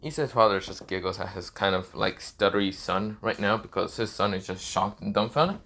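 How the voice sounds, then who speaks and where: A man improvises a fan-fiction story out loud, rambling from beat to beat with the same filler phrases over and over. His voice sits a little low and plain. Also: moderate pace, vocal fry.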